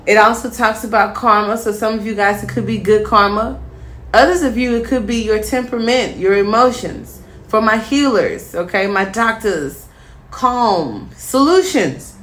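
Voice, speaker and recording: A woman's voice: medium pitch, echoey room. Chatty woman giving a tarot reading. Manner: chatty, encouraging, addresses viewers as "my star" and "my healers"; relaxed, with many fillers. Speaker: tarot reader. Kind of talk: casual tarot reading to viewers.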